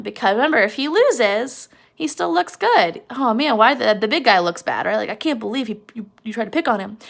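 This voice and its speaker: In a casual recorded lesson, a woman teacher retells and explains a chapter of a novel. Her voice is fairly high and fairly bright with some vocal fry, and she's chatty, often checking in with a "right?".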